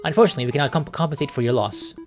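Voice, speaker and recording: A man voicing a dismissive male HR clerk in a text game, speaking in a flat, bureaucratic way. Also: fairly high pitch, very fast, faint music behind, natural voice.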